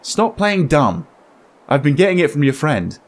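A blunt, demanding young man guards a door in a video game, drawling his lines slowly with a sneer, as a man reads them out. The voice stays lively and rises and falls freely in pitch. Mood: surly. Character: surly young man blocking a doorway.

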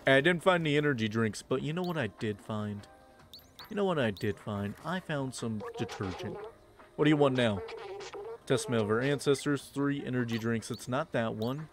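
A man's voice: medium pitch, animated, normal speed. A man giving playful, slangy commentary while playing a video game, with game music behind. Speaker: gameplay commentator. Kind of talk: casual gameplay commentary.

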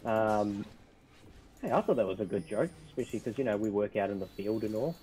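A man's voice: on the low side, expressive, brisk, warm tone, low-quality recording. A man hosting a casual gaming livestream, upbeat and fond of dad jokes. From Australia. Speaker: livestream host.

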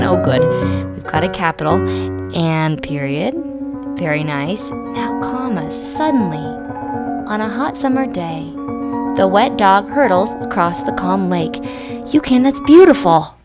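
A woman narrates a writing lesson in an encouraging, sing-song way, her pitch swinging widely. She speaks unhurriedly. Loud piano music plays behind her. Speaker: teacher narrating. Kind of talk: playful classroom narration.

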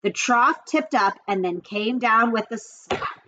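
Lively woman reading a children's book aloud. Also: a little high, slow pace. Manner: lively, expressive reading with character voices. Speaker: read-aloud storyteller.

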